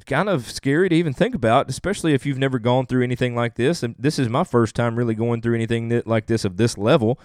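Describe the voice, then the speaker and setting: A young man preaches with earnest, emphatic conviction, leaning on repeated phrases to drive each point home. His voice sits at an ordinary middle pitch. The sound is dry and close, with no room echo. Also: darkish tone. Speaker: pastor. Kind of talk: sermon.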